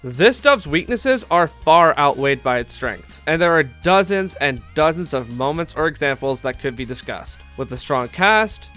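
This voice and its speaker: Bright-voiced man narrating a video essay. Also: a little high, expressive, normal speed, hardly any pauses, soft background music. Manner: enthusiastic, candid fan commentary with asides. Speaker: YouTube anime commentator.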